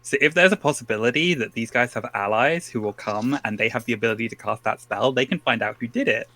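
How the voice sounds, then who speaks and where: A man's voice: mid-range voice, quick pace, sharp tone, no room sound. A man chatting after a tabletop game session, explaining rules in an upbeat way. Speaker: player. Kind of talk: post-session recap chat.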